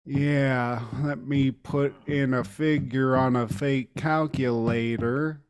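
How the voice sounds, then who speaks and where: Man putting on a dazed store clerk, slow and vacant, lower and quieter than his own voice. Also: fairly even intonation, smooth, natural voice.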